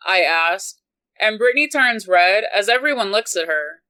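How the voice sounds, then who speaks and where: A woman reading a romance novel aloud in an unhurried, even manner. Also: mid-range voice, rough recording. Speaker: audiobook reader.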